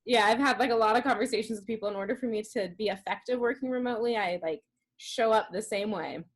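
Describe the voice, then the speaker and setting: A woman's voice: fairly high pitch, quick pace. Play an earnest woman guest on a video call. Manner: earnest, emphatic, speeds up when excited. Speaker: podcast listener guest. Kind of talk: casual chat.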